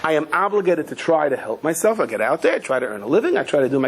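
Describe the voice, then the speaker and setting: A husky-voiced middle-aged man teaches a Torah class as a rabbi, in his speech and fond of stories. He leaps up into high, animated voices when he quotes people and drops in Yiddish and Hebrew words. His voice sits somewhat high for a man. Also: fast talker. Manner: animated storyteller, acts out quoted voices with sudden high pitch; mixes Yiddish and Hebrew terms, light humor.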